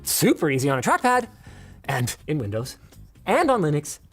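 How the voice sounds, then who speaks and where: A woman's voice: sits low, sing-song, moderate pace, soft background music. A woman presenting a scripted tech review, complaining emphatically with a sarcastic edge.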